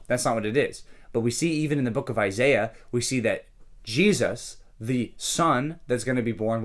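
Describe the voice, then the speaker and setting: Casual man explaining a Bible reading. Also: mid-range voice. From California. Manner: conversational, explains with checks like "okay?" and "right?". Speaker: pastor.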